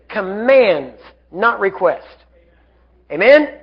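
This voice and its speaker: Male preacher, high voice, fervent commanding delivery, muffled lo-fi live recording. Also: animated, takes it slowly. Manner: fervent, commanding, rising to shouts. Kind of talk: sermon.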